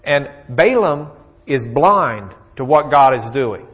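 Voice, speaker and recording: A man's voice: medium pitch, lively intonation, slow, slightly rough. A man teaching a Bible lesson in a folksy, joking storytelling way, with plenty of fillers.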